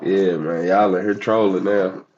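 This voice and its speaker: A man's voice: deep voice, fairly even intonation, a little slow, darkish tone, dull audio. Laid-back Southern man chatting on a livestream. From United States. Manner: chatty, laid-back, talks straight to chat. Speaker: livestream host. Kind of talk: casual livestream chat.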